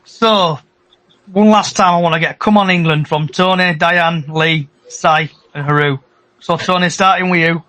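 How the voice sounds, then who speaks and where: Chatty middlesbrough bloke hosting a footy podcast, fairly high voice. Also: male voice, fairly even intonation, normal speed, pushed and bright. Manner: chatty, upbeat, thanks regulars. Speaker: podcast host. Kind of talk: casual chat.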